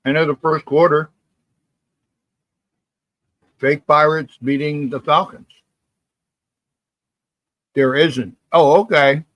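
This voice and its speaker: A man's voice: on the high side, steady tone, takes it slowly, pauses often, a bit bright, no room sound. A man hosting a live sports talk stream, chatting casually and reading viewer comments, rambling and often repeating himself. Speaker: sports talk livestream host.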